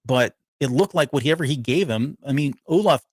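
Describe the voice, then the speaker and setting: An animated, medium-pitched male co-host on a podcast speaks a little fast while casually going over a TV episode. His commentary rambles along with frequent fillers and restarts, and the audio carries no echo.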